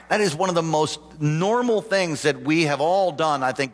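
A man's voice: moderate pace, hardly any pauses. Man preaching in a reverberant hall. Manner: animated preaching, climbs in pitch and volume toward exhortation. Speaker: pastor. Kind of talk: sermon. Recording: long hall reverb, faint background hum.

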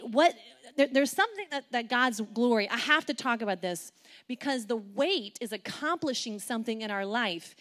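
A woman preaching a sermon to an audience in a lively, playful way, asking them many questions and acting out quotes with big jumps in pitch and volume.

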